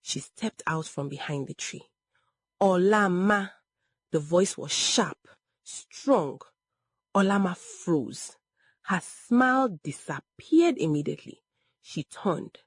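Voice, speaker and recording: A woman narrating a storybook tale in a measured, expressive reading. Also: low voice, husky, no echo.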